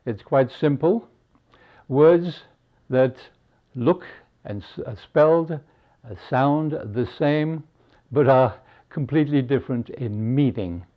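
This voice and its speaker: Man, spelling teacher, very slow, deliberate pauses, dull lo-fi sound. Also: medium pitch. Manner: slow, deliberate, pausing between words. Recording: dull lo-fi recording.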